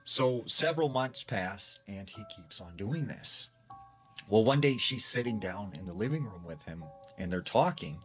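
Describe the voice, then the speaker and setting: A man's voice: fairly low pitch, fairly bright tone. A man casually retelling a true ghost story, chatty and conversational, acting out the quoted dialogue.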